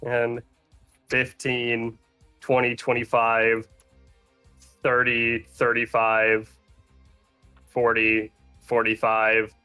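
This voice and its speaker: A man's voice: mid-range voice, completely flat delivery, drawn-out words, pauses often, sharp tone, clean tone, faint music behind. A man narrating as game master, rambling with fillers and restarts. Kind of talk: narrating a tabletop game over a call.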